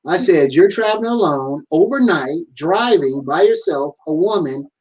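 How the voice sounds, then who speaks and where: A man co-hosting a podcast who tells his side of the story in a measured, fact-focused way and sometimes teases with playful interruptions. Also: a little high, animated, darkish tone, breathy edge, recorded from a distance, low-quality recording. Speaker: podcast co-host. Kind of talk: casual conversation.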